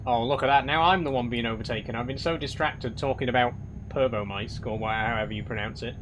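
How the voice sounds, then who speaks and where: A young man answers his live chat in a dry, rambling way, and often feigns exasperation. His voice sits at an everyday middle pitch. Faint game engine noise hums behind him. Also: fast. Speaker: streamer reading live chat. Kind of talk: casual live-stream chat while driving a truck game.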